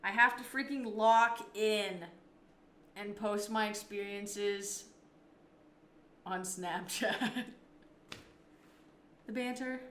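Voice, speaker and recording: A woman streams live and chats easily with her viewers, answering their messages as they come in. Her voice is bright and forward, and it bounces around an echoey room with a light hiss of background noise. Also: medium pitch, extremely slow, long pauses. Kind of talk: casual live-stream chat.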